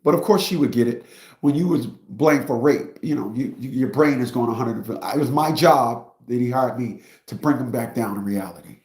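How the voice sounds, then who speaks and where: In a roomy, echoing recording, a streamer and commentator speaks in a mid-range, darkish voice at a moderate pace. He tells his viewers a story as a casual, emphatic rant laced with profanity, talking straight to the audience.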